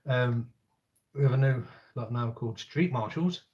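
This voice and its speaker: A man telling a camping story in a relaxed, cheeky live chat, laughing often and swearing casually. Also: mid-range voice, normal speed, lo-fi sound. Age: adult parent. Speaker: camping live-stream host. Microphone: live-stream setup.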